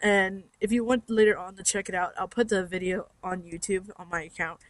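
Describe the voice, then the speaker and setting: A woman's voice: mid-range voice, steady tone, a little fast, dry recording. A young woman fan chatting casually to her listeners, bubbly and rambling with lots of likes and ums. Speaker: fan podcaster. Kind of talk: casual chat.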